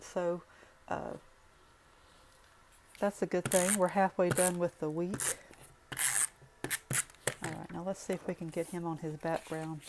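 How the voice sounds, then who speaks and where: A woman's voice: mid-range voice, a little mellow, slight background noise. A woman with a Southern US accent talking through a card-making craft tutorial in a chatty, folksy way, full of rambling asides.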